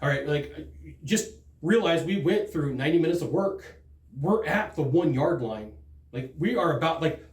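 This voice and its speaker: Man, sales trainer, emphatic storyteller, high lively voice, echoey room. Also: normal speed.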